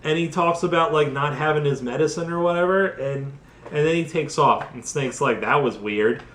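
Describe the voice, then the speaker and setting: A man's voice: a little high, moderate pace, a bit bright, echoey room, a little hiss or hum. Tipsy rambling young man recapping a game. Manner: rambling, lots of filler and restarts. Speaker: host. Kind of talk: casual comedic game recap.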